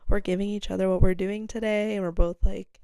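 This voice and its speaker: A young adult woman hosts her own podcast in a casual solo monologue, rambling candidly with lots of "like" and casual swearing. Her mid-range voice is creaky yet mellow and smooth, fairly quick with little pitch movement, and there's no echo.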